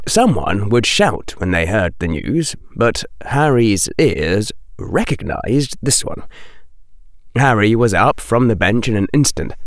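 A man reading a novel aloud as scripted narration, measured and expressive. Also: fairly low pitch, no room sound, clean studio sound. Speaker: audiobook reader.

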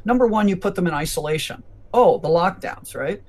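A man with a notably high voice, talking as a physician guest in an interview. He lectures emphatically, laying out his points one by one. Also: animated, a little fast, a little mellow. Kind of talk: conversational interview.

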